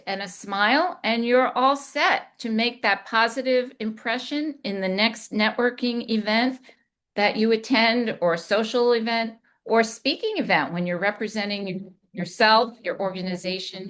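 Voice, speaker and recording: A woman communication coach giving a deliberate instructional talk, demonstrating inflection as she goes. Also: on the high side, fairly bright tone.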